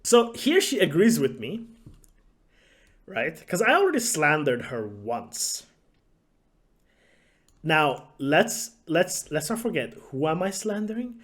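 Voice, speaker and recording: Young guy YouTuber, swears a lot, sarcastic, animated pitch, casual storytelling. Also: takes it slowly, pauses often. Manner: profane, sarcastic, laughs often.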